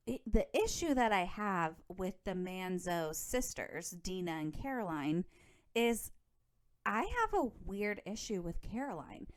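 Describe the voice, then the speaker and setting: A woman hosting a solo podcast, chatty and gossipy, with frequent swearing and filler words. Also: mid-range voice. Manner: chatty, profane, gossipy, lots of "like". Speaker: podcast host.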